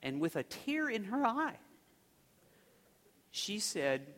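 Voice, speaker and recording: A man's voice: high voice, big pitch swings, slow pace, fairly bright tone. A man preaching a sermon, telling a story in a loose, conversational way full of restarts and fillers. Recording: long reverb of a large hall.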